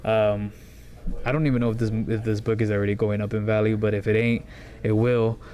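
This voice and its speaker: A man's voice: fairly low pitch, level tone, a little fast, mellow. A man hosting a casual comic shop rundown, talking in a rambling, enthusiastic way with lots of fillers. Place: comic book store.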